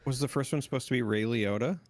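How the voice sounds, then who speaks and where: A man with a Midwestern American accent chatting casually in a dry, deadpan way. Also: medium pitch, quick pace, dry recording. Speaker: co-stream host. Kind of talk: casual chat.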